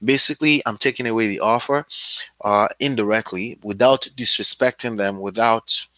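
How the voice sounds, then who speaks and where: A man's voice: lowish voice, normal speed, pushed and bright, dry recording. A man coaching real estate wholesaling in a loose, conversational way, often checking in with his listeners. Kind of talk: casual instructional talk.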